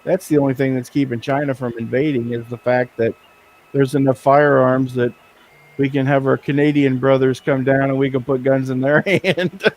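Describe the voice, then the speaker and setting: A man's voice: mid-range voice, fairly even intonation, normal speed, darkish tone, poor audio. A man hosting a casual working stream, rambling with frequent laughs and restarts as he chats. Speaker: streamer host. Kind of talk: casual chat while working. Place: indoors at a work desk.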